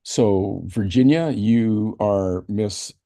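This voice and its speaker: Halting low-voiced meeting chair. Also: male voice, warm tone, no echo, clean studio sound. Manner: halting, many fillers. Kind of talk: community meeting roundtable.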